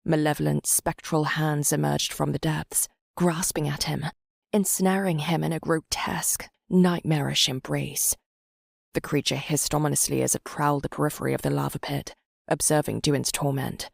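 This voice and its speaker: A woman narrating an audiobook in a measured, dramatic way, her voice very low with a gravelly edge. The recording is dry and close, with no room sound. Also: fairly even intonation, dry recording.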